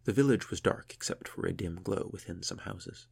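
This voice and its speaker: A man narrating an audiobook chapter in a measured, steady way. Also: sits low, vocal fry, breathy edge.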